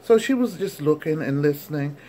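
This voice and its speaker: A woman's voice: sits low, brisk. Woman in her sixties, storytelling vlog, chatty, lots of fillers, faint background hiss. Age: 60s. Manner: chatty, animated, many fillers. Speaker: vlogger.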